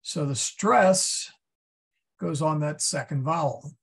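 A man teaching a Latin class, explaining step by step and thinking aloud with many pauses and fillers. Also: fairly high pitch, vocal fry, husky. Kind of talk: classroom lesson.

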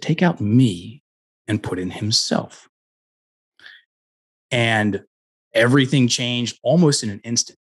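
The middle-aged guest coach's voice is mid-range and slightly rough. Earnest and full of restarts, he tells personal stories in a conversational storytelling interview.

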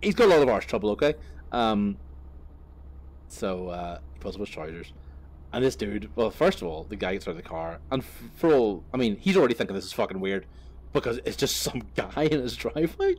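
A man's voice: lowish voice, very animated, fairly quick, a little mellow. Swearing, rambling man talking while driving. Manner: profane, rambling, laughing. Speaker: vlogger. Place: in a car.

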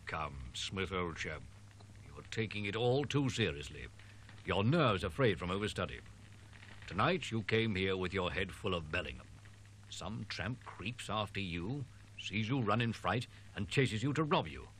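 A man's voice: sits low, animated, a little slow, a bit bright, slight background noise. An actor playing a skeptical, reassuring male friend in a horror audiobook drama.

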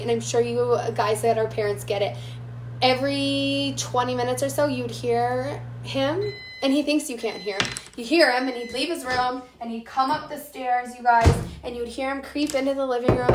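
Young woman, cooking show host, chatty, speaks to viewers, getting over a lost voice, roomy echo. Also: a little high. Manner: chatty, talks to viewers as "you guys" and answers comments. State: recovering from a lost voice. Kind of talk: chatty live cooking demonstration. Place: home kitchen. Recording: echoey room with faint noise.

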